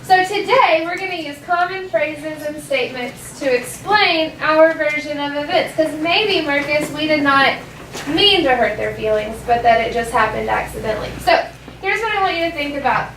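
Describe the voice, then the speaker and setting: A woman with a high voice teaches a class, saying phrases slowly and clearly for the students to repeat. She is picked up from across an echoey classroom, with a faint hiss underneath. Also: fairly bright tone, recorded from a distance. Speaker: elementary school teacher. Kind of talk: classroom language lesson.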